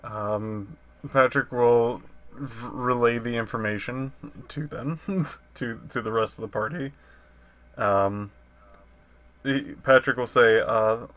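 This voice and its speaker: A man's voice: mid-range voice, slow pace, a bit bright. A man playing in a tabletop game who speaks in a hesitant way. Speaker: player. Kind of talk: tabletop role-play.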